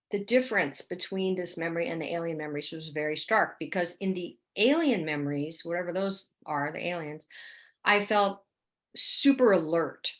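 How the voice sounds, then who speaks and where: A woman from New Orleans, a guest in an interview, telling her story in a lively, vivid way with lots of "like" and "right?". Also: on the low side. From New Orleans, USA. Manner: animated, vivid storyteller, often says "like" and "right?".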